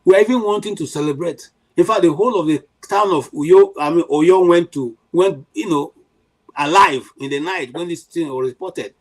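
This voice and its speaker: Impassioned Nigerian man, high and lively. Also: moderate pace, low-quality recording. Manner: emphatic, many restarts and "you know" fillers. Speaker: panel commentator. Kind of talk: impassioned political commentary.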